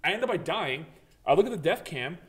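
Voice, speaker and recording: A man co-hosting a podcast, casually chatting about games and telling animated stories, swearing freely and acting out his own reactions. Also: fairly high pitch, brisk. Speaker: podcast co-host. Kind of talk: casual gaming chat.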